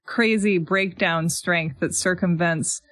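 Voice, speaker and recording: A woman's voice: fairly low pitch, slow, no room sound. A woman hosting a podcast, chatting casually and reacting with quips. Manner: animated, quippy reactions. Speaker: podcast host. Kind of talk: casual chat.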